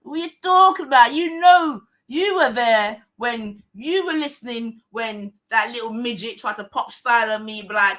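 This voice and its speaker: A woman hosts a heated livestream rant. Her high voice swoops widely as she mocks her critics in slang and profanity and hammers the same lines over and over. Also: lively intonation, normal speed, few pauses, a bit bright. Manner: combative, mocking, heavy slang and swearing, repeats phrases. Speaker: livestream host.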